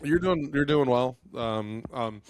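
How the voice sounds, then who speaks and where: Deadpan young man, podcast co-host. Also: medium pitch, slow, no echo. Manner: dry, deadpan storyteller. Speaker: teacher. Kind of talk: casual podcast banter.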